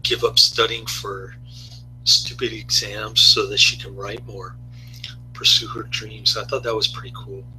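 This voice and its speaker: A man's voice: on the low side, level tone, unhurried, pushed and bright, slight background noise, poor audio. A man giving a rambling, laid-back casual video review, often chuckling to himself.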